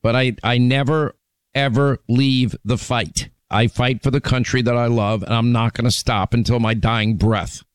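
Male talk radio host, smooth clear voice, dry close sound, emphatic, lists points, restarts often. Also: mid-range voice, steady tone, normal speed, no echo.

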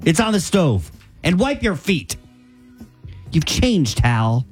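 Doting mother voiced by a woman, rapid motherly questions, radio comedy. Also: low voice, very animated, faint music behind, pitched below the performer's own voice, full character voice. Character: doting fussy mother greeting her kid.

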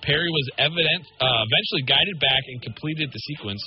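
A man reading quirky news items on a radio show, brisk with small stumbles. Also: fairly high pitch, lo-fi sound.

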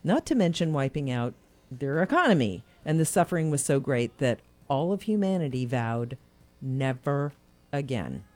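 A woman's voice: rumbling low, sing-song, normal speed, a little mellow. A woman co-hosting a casual political talk show, indignant and emphatic, laughing often. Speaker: co-host.

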